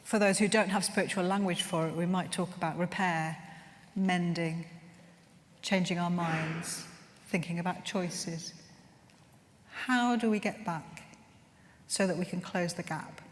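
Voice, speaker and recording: A woman's voice: on the low side, steady tone, a little slow, long pauses. Earnest woman speaking in a reverberant hall. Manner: earnest, heartfelt, gently searching. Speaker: workshop leader at a chaplains' conference. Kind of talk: conference talk with storytelling. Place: conference room. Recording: long reverb in a large room.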